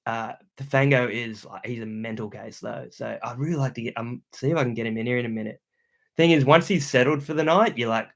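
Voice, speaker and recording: Loud, chatty Australian man, gravelly. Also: medium pitch, a little fast. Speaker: YouTuber hosting a livestream. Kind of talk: casual livestream chat reading comments.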